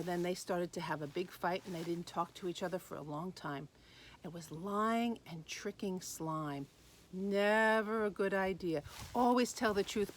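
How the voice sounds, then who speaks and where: A woman telling a Bible story to children in an animated way, speaking straight to them. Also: mid-range voice. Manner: animated, addresses children directly.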